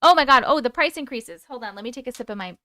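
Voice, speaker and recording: A woman's voice: high voice, lively intonation, fast talker, pushed and bright, no echo, studio quality. A woman hosting a casual livestream chat, upbeat and chatty as she answers viewer comments. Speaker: livestream host.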